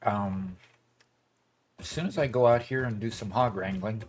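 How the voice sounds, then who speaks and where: A man's voice: lowish voice, normal speed, a little hiss or hum. A man chatting casually on a gameplay livestream, rambling with fillers as he plays. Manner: rambling, many fillers and restarts. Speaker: streamer.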